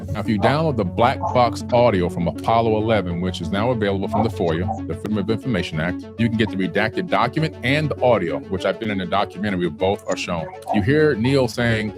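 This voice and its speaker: A man's voice: lowish voice, a little fast. A man talking earnestly and insistently about conspiracy claims. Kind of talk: conspiracy talk. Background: music.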